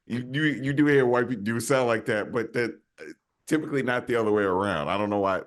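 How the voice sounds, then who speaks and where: A male podcast co-host in casual chat, musing slowly with a slight stutter and a habit of saying "man.". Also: medium pitch. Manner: musing, slow, repeats "man".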